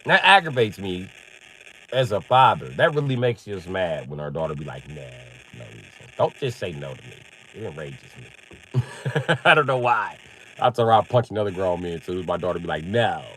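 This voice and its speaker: A man riffing on a live stream, his voice swinging from low mutters up to shrill, shouted yelps. He tells crude jokes in heavy profanity and often laughs at them himself. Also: sing-song, normal speed, a little hiss or hum, low-quality recording. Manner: profane, jokey storyteller; acts out other people in loud, high yelps. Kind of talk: casual comedic live-stream rant.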